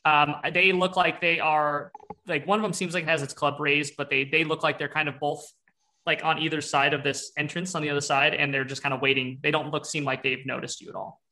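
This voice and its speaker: A man's voice: on the high side, flat delivery, fairly quick, bright, forceful tone. A young man narrating as game master, rambling and descriptive with many fillers.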